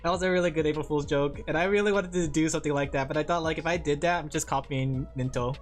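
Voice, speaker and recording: A man's voice: fairly high pitch, steady tone, fast, faint music behind. A man streaming live, chatting casually in a giggly, rambling way.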